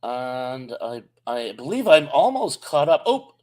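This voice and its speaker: A man's voice: medium pitch, very animated, slow, a little mellow. A man with a Southern US accent co-hosting a live stream, reading out chat greetings in a friendly, chatty way.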